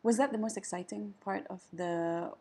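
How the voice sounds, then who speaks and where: A woman with a somewhat husky voice listens and reacts eagerly in a casual chat. Her pitch is mid-range for a woman, and her remarks come in short, excited bursts. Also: normal speed.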